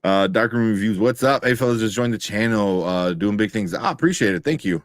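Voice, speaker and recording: A man's voice: lowish voice, a little fast, dry recording, clean studio sound. A man co-hosting a live stream, chatting casually and reading out viewers' comments. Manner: laid-back, rambling, reads out chat comments. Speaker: co-host of a live show.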